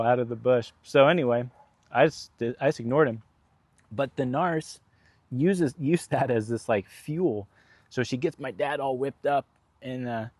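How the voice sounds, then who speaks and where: A man's voice: medium pitch, darkish tone, dry recording. A man vlogging in a casual, rambling storytelling monologue, frank and profane, full of fillers.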